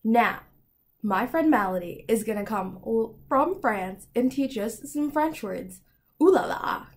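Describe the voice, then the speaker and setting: A woman's voice: fairly high pitch, animated, measured pace. A woman hosting a children's educational show, cheerful and playful as she introduces segments. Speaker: host.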